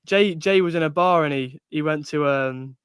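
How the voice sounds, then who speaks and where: A man's voice: on the high side, normal speed, a bit bright, clean tone, no room sound, studio quality. A young man co-hosting a podcast, talking in a supportive, conversational way. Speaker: podcast co-host. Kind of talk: casual chat.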